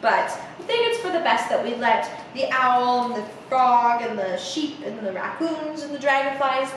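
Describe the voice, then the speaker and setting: A young woman reading a picture book aloud to children, animated and chatty with many asides, in an echoey room heard from a distance. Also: on the high side, moderate pace, a little hiss or hum. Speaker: theatre coach reading to children.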